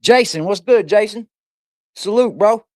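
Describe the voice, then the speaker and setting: Greeting chatters by name, a man runs a casual livestream from home, loose, playful and full of profanity and slang. His voice sits high and he speaks at a measured pace. The studio-quality audio, captured by a fixed camera on a stabilizer, has no room sound.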